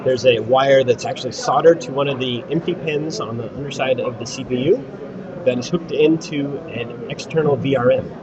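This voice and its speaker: Relaxed man explaining over crowd noise. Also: medium pitch, normal speed. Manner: relaxed, explains technical details. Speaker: livestream co-host. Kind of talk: live event commentary. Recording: dull audio with crowd noise.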